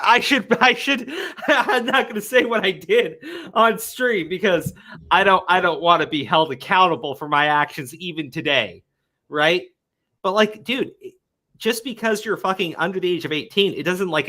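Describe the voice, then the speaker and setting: A man's voice: high voice, pushed and bright. Heated, swearing young-sounding male commentator. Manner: heated, swears a lot, stammers and repeats words. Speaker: commentary show host. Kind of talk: casual commentary chat.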